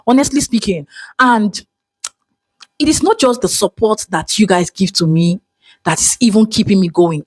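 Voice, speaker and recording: A vlogger from Nigeria speaks with a Nigerian accent in a mid-range voice. The delivery is dramatic and expressive in an emotional personal monologue. The sound is dry, with no room echo. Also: mid-range voice, breathy edge.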